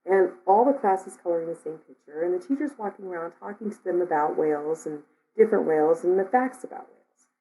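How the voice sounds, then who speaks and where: A woman minister delivers a sermon in a conversational, storytelling way. Her voice is mellow and low-pitched, and her phrasing is relaxed and personal. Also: quick pace, hardly any pauses, low-quality recording. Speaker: minister giving a talk.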